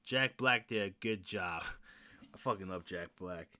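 A young man hosting his own podcast, chatting casually in a rambling, laughing way, with frequent restarts and swearing, jumping between loud excited bursts and low mutters. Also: unhurried. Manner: excited fan talk that drops to mutters and whispers. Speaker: podcast host. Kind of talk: casual solo podcast chat.

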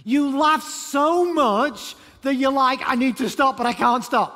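A male pastor delivers an animated, emphatic sermon in a church auditorium. His voice sits very high for a man, and a long hall reverb trails every phrase. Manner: animated, emphatic preaching with sudden loud bursts.

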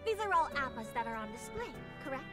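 A high-voiced, haughty noble girl. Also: very animated, fast, a bit bright, soft background music. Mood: imperious. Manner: commanding, archaic formal speech. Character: haughty rich young noblewoman, imperious and spoiled. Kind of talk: visual novel voice acting.

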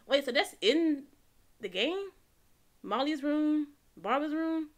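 A woman hosting a gaming channel and giving excitable let's-play commentary, gasping, swearing and jumping at scares. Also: high-pitched, slow pace.

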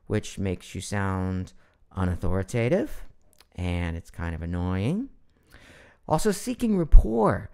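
A middle-aged man teaching voice training in a live online session, animated and demonstrating voices as he explains. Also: low voice, takes it slowly, smooth. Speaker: voice coach presenting his online course.

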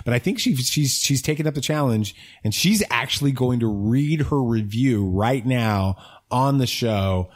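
A man's voice: mid-range voice, lively intonation, unhurried. A middle-aged man hosting a casual podcast, upbeat and teasing as he guides the talk. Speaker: podcast host.

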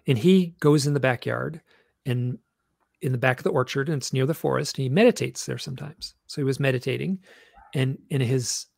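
A man, a guest author, telling stories in an animated, rambling way with many restarts. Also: mid-range voice, fairly quick, vocal fry, no echo, clean studio sound. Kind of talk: storytelling interview chat.

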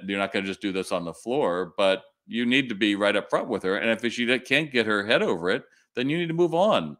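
A middle-aged man hosting a live question-and-answer stream, giving blunt, animated retail advice. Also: on the low side.

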